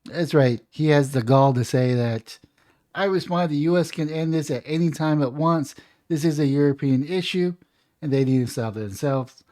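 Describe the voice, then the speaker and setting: A man's voice: on the high side, moderate pace, darkish tone. A man giving an opinionated political commentary monologue, reading news aloud and then ranting emphatically about it. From United States.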